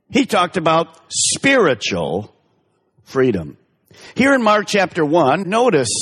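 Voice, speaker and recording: A man preaching a sermon as pastor, stressing words with drawn-out emphasis. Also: a bit bright, breathy edge. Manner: emphatic, drawn-out stresses with big pitch swings. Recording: reverberant hall.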